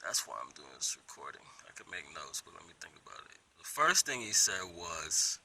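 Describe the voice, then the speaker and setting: Man, casual storytelling to camera, sharp bright voice, lively swinging pitch, phone held at arm's length outdoors. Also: fairly quick, vocal fry, slight background noise, poor audio. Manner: animated, drops into whispered asides. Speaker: vlogger. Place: outdoors in a park under a tree.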